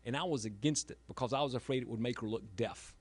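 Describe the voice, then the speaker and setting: A middle-aged man, an author and emergency room doctor, giving a halting talk with self-deprecating humor at a library event. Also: medium pitch, husky.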